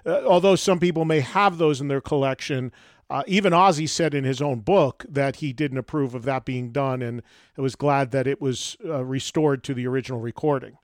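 A male podcast host interviewing a guest and reacting quickly to the answers. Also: medium pitch, dry recording, clean studio sound. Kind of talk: interview conversation.

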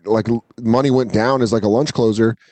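A man tells a long, animated story on a casual podcast. He swears freely and drops into quick impressions of the people he describes. His voice sits in a middle register, and the recording is dry and close. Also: medium pitch, no room sound. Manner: profane, animated, acts out the people in his stories. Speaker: podcast co-host, comedian.

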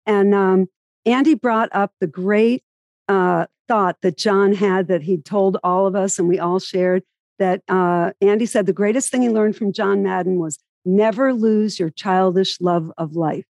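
A woman hosting a casual interview, telling anecdotes in a lively, chatty way. Her voice sits at a middle pitch and sounds dry and close, with no room around it. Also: a little slow, dry recording.

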